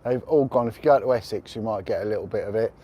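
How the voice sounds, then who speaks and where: A man's voice: fairly low pitch, fast, slightly rough, muffled recording. Rambling, blunt man on an outdoor livestream. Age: middle-aged. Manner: chatty, rambling, blunt opinions. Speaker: livestream host. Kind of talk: casual livestream monologue. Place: outdoors on a windy rooftop.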